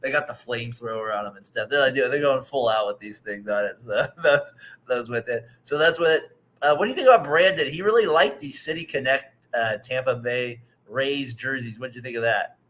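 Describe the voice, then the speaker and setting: A man with a bright, clear voice co-hosts a loose baseball chat show. He rambles through his stories, laughing often and slipping into quoted voices. His pitch sits in an ordinary middle range. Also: a little fast. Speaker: co-host. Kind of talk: casual sports chat.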